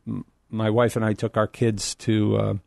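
Middle aged guy on the radio, excited and rambling, dead dry sound. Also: on the low side, normal speed, vocal fry, dry recording. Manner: enthusiastic, rambling, preacherly. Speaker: guest. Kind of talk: casual radio talk.

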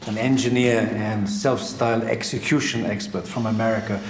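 A man's voice: lowish voice, fairly even intonation, moderate pace, slight background noise, close to an everyday voice. An actor playing a male historian explaining evidence on a tour, in a film scene. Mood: measured. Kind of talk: film dialogue. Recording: film audio in a roomy space.

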